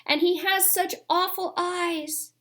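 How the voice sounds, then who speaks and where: A woman's voice: extremely high pitch, steady tone, takes it slowly, fairly bright tone, voice pushed up, full character voice. A woman reading aloud and voicing a miserable, wound-up young schoolboy who is insistent and upset. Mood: spooked.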